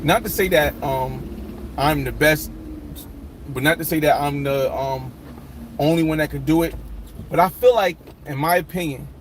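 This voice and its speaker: A man's voice: fairly high pitch, a little hiss or hum. A man hosting a casual live chat, rambling with many restarts and fillers.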